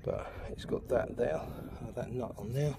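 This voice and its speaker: A man's voice: mid-range voice, measured pace, vocal fry, heavy background noise. A man giving a casual how-to talk while fitting a phone mount, with lots of ums and fillers. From United Kingdom. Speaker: vlogger demonstrating an install. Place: outdoors by a motorbike.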